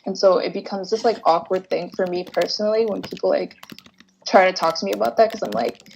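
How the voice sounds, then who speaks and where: A woman's voice: medium pitch, a little fast, gravelly, a little mellow, slight background noise. A young woman from Boston chatting casually as a student panelist, full of filler words, over a video call. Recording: dull lo-fi call audio.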